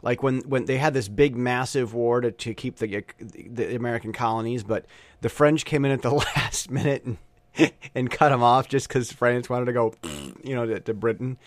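A man's voice: medium pitch, normal speed, dry recording. A man talking alone in a rambling casual monologue, full of restarts and stammers.

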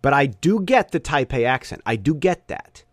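A man's voice: mid-range voice, animated, moderate pace, no echo, clean studio sound. A young man giving an opinionated casual monologue, often stumbling and restarting his sentences.

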